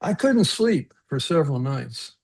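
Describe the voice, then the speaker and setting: A man speaking on a video call, in a fairly high voice with gravel and fry running through it. The tone is husky rather than clean. He tells personal stories earnestly, stumbling over repeated words and chuckling as he remembers. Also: sing-song, a little slow, a little mellow. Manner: earnest, reflective, often repeats words and restarts sentences; chuckles at his own stories. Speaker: presenter on a webinar panel. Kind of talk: personal storytelling talk.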